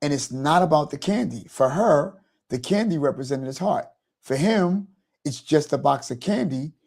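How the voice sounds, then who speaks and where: A man's voice: a little high, expressive, moderate pace, creaky, a little mellow. A man hosting a motivational talk, rambling and repeating "you know" as he explains. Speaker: host.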